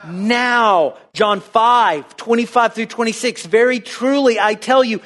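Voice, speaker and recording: A man with a high voice preaches a sermon in a church. He talks with energy and keeps asking the congregation questions. His delivery swings between playful asides and earnest points. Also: slow pace, few pauses, fairly bright tone. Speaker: pastor.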